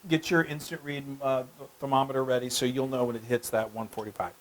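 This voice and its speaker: A man's voice: medium pitch, flat delivery, fast talker, slight background noise. A man hosting a casual cooking demonstration, gushing with enthusiasm about the food as he cooks in a kitchen. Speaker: cooking show host, cook.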